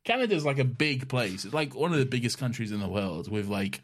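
A man's voice: mid-range voice, lively intonation, a little fast. A young man co-hosting a podcast in casual chat, giggly and rambling as he reads listener emails. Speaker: podcast co-host.

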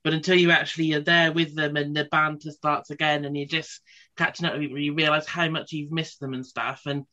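A woman chatting on a podcast, animated and quick to laugh as she tells a story. Her talk is loose and full of swearing and asides. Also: low-pitched, dull audio. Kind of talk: casual chat.

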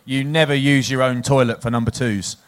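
A former rugby player co-hosting a casual chat, telling jokey stories about tour pranks. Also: male voice, medium pitch, brisk. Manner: lively storyteller, jokey.

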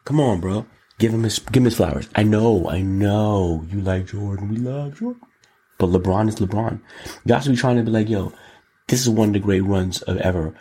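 A man hosting his own show, talking solo in an animated, exclamatory way, riffing and repeating words in long runs. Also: on the low side, normal speed, slightly rough. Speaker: show host. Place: Los Angeles.

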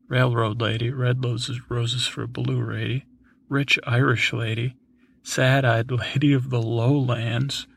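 A man's voice: medium pitch, gravelly, fairly bright tone, breathy edge. A man hosting a sleep podcast, reading through a long list in a drowsy way, with chuckles, asides and bits of song. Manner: breaks into snatches of song. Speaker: podcast host.

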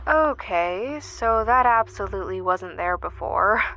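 A woman's voice: mid-range voice, animated, a little slow, pushed and bright, muffled recording. A woman playing a weary, shaken bunker engineer in a horror audio drama.

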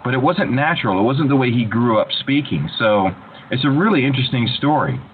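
A man's voice: medium pitch, fairly quick. Guy telling stories over a crackly phone-ish line, lots of restarts. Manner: animated storyteller with frequent restarts. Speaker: voice actor guest. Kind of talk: casual interview chat. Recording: tinny phone-like line with faint hiss.

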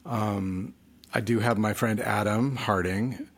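A sleepy man talking casually late at night as a podcast co-host, halting and trailing off. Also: lowish voice, steady tone. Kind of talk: casual chat.

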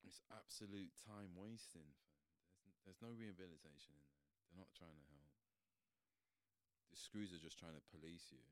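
A man's voice: low voice, dry recording. A young man, telling stories in casual chat and acting out what people said, full of slang. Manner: animated storytelling with slang, acting out quotes.

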